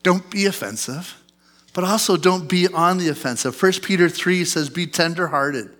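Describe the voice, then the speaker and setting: Male pastor, 30s, bright clear voice, relaxed storytelling sermon, asks the congregation questions. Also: high-pitched, moderate pace.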